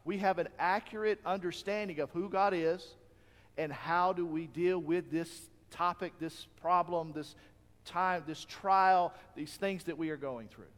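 In a large hall with long, ringing reverb, a pastor preaches in an earnest, conversational manner and keeps posing rhetorical questions to his audience. His fairly high male voice is steady, unhurried, and fairly bright.

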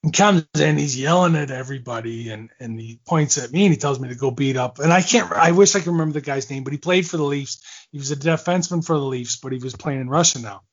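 A man's voice: on the high side, fast talker, highs cut off. A man in his forties, a former hockey player, telling long stories in a casual interview, rambling with fillers, restarts and laughs.

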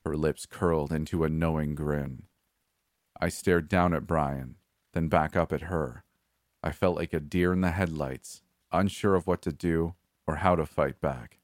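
Low-voiced male story narrator. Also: steady tone, a little slow, no echo, clean studio sound. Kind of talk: scripted first-person story narration.

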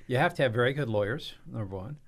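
A man's voice: medium pitch, fast. A man talking as a guest on a radio show, telling jokey stories and laughing often. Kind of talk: casual radio chat.

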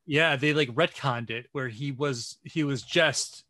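A man co-hosts a casual podcast about comic books. He is chatty and a little hesitant, with some jokes. His voice is mid-pitched and recorded close and dry. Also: measured pace, bright, forceful tone, no echo. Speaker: podcast co-host. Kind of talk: casual comic book chat.

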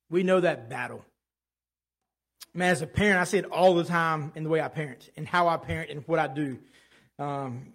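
Animated conversational male preacher. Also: a little high. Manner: conversational and animated, with personal stories. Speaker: pastor. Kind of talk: sermon.

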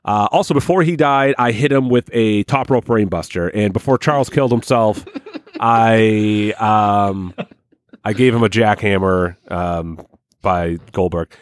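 A man's voice: lowish voice, unhurried, dry recording, clean studio sound. A man co-hosting a podcast, telling a crude, rambling comic story with heavy swearing. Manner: profane, rambling, animated. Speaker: podcast co-host.

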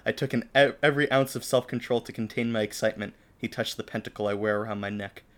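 A man's voice: on the low side, steady tone, quick pace, fairly bright tone. A young man co-hosting a podcast, reading his own fan fiction aloud in a dramatic storybook way. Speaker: podcast co-host.

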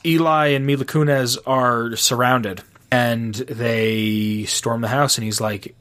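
Young guy gushing over a movie, rambly, casual chat, middle pitch. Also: slow. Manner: excited, retells scenes with acted quotes and swearing.

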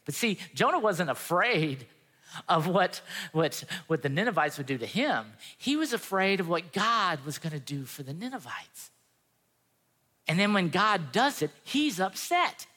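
A man's voice: sits high, sing-song, a little slow, sharp tone. A pastor giving a sermon in an earnest, conversational way, acting out the quotes he tells. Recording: long reverb of a hall.

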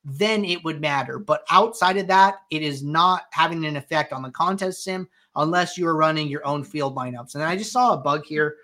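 Bright-voiced man hosting a Q&A. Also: on the high side, moderate pace, hardly any pauses. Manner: conversational, with frequent "right?" and "um" fillers. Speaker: host answering viewer questions. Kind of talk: live Q&A tutorial, walking through software.

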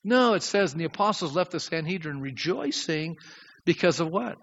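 A man preaching a sermon as pastor, lively and questioning his congregation. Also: a little high, moderate pace. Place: church sanctuary. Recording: dull sound with long hall reverb.

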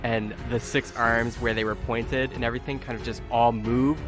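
A man narrating as game master in a tabletop game, animated and often laughing. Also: mid-range voice, normal speed, music in the background.

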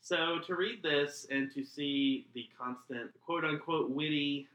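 A man's voice: fairly high pitch, a little slow, bright, forceful tone, reverberant, poor audio. A man co-hosting a podcast, chatting casually in a sarcastic, exasperated way. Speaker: podcast co-host. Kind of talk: casual chat.

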